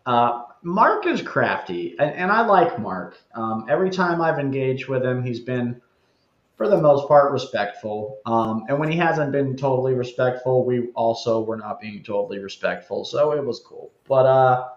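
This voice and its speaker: A man's voice: mid-range voice, animated, normal speed, roomy sound, muffled recording. A man chatting as a guest, talkative and wry as he explains his views. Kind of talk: casual chat.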